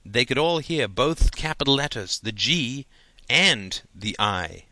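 A man's voice: on the low side, a little slow, sharp tone, dry recording. A man reading a novel aloud as narrator, lightly shifting his voice for the characters, with a few slips and restarts. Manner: reads dialogue with small shifts, some slips and restarts. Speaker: audiobook narrator.

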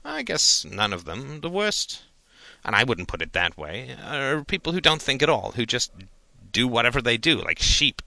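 A man's voice: medium pitch, big pitch swings, moderate pace, creaky, bright, forceful tone, no room sound, exaggerated voice. A man voicing a patient, weary professor father who hesitates and muses as he answers his son in an audiobook. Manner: hesitant, musing, trails off.

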